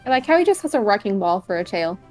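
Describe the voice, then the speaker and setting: A woman's voice: mid-range voice, sing-song, soft background music, poor audio. A woman from the UK in her thirties, chatting and joking while commentating on a video game. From United Kingdom. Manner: chatty, quick to joke and laugh at herself. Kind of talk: casual let's-play banter.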